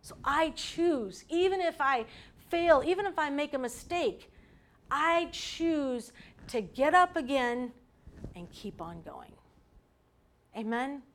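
Earnest woman preaching, soft hushed lows. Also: expressive, takes it slowly. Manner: earnest, drops to a soft hush for emphasis. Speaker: women's ministry speaker. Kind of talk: sermon.

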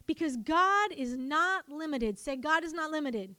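A woman preaching a sermon, animated and calling on her congregation to answer back. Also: high-pitched, normal speed, hardly any pauses, dry recording. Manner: animated, calls for congregation responses. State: coughing, choked up.

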